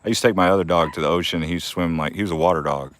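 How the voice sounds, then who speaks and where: A man's voice: low voice, fairly even intonation, racing, a bit bright. A young man hosting a casual live-stream Q&A from his backyard garden, rambling and laughing often. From Arizona.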